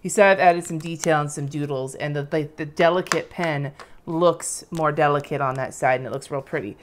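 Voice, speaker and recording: A woman's voice: low-pitched, fairly even intonation, normal speed, slight background noise. A woman in her thirties casually teaching lettering on a live stream, chatty and rambling as she draws and explains. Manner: chatty, rambling, demonstrates while drawing.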